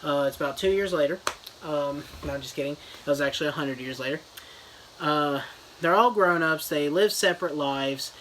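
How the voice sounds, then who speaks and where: A man's voice: fairly high pitch, normal speed, background noise. A man giving a crude joking fake book review, rambling with lots of "you know" and "uh".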